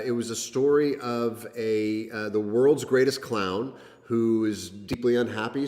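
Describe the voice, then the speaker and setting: Low-voiced man chatting with many fillers. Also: a little mellow, in a large hall. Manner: rambling, many fillers and restarts. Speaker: guest. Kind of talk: casual chat.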